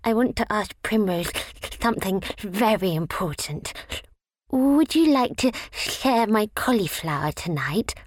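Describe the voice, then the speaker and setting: A woman's voice: mid-range voice, normal speed, dry recording, studio quality, pitched above the performer's own voice, lightly acted. A woman voicing a shy, timid little male slug in a children's storybook. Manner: timid, soft-spoken.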